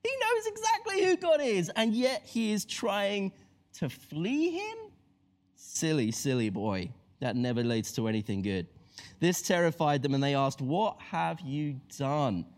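A man preaching a sermon, telling a Bible story with animated asides and acting out the voices of its characters. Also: high voice, measured pace. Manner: animated storytelling, acts out voices of biblical figures.

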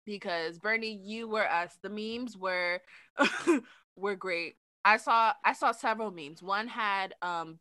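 This is a young woman in casual podcast chat, her voice bright and forward. The sound is dry and close. She is lively and laughs easily, and she gets loud when something bothers her. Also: medium pitch, smooth, dry recording. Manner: animated, laughing, raises voice when emphatic. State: eating dinner while talking. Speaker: podcast co-host.

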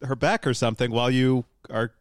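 A man co-hosting a casual chat podcast, congested and a little raspy from a cold, who asks curious questions. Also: mid-range voice, steady tone, fairly quick, dry recording, clean studio sound. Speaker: podcast co-host.

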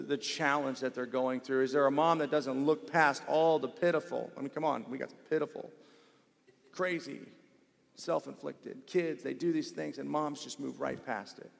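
A male pastor preaching a sermon in a church, emphatic and swinging between loud stresses and hushed passages, repeating words for weight. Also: mid-range voice, vocal fry. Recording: long hall reverb.

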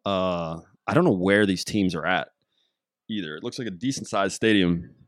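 A man's voice: deep voice, normal speed, dry recording, clean studio sound. A man hosting his podcast alone, rambling casually, joking and losing his train of thought. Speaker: podcast host. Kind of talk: casual solo podcast monologue.

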